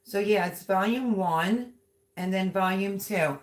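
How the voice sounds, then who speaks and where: A woman's voice: medium pitch, a little slow. A woman hosting a casual livestream, chatty and gushing as she reads out viewer comments. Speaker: livestream host.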